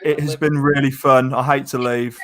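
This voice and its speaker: A man taking part in a live football watchalong, brisk and friendly as he signs off. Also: medium pitch, little pitch movement, fairly bright tone. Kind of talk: casual live match reaction chat.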